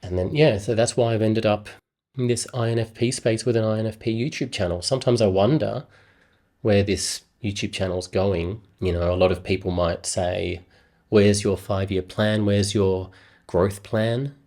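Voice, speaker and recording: A man's voice: lowish voice, fairly even intonation, moderate pace, darkish tone. A man talking to camera in a casual, rambling, self-deprecating vlog. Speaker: YouTuber.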